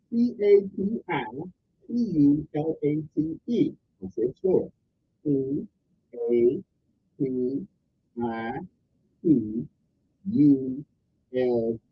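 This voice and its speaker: A man's voice: high-pitched, breathy edge, muffled recording. A man hosting a radio talk show, rambling and opinionated in a folksy way, with many restarts. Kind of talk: casual call-in radio commentary.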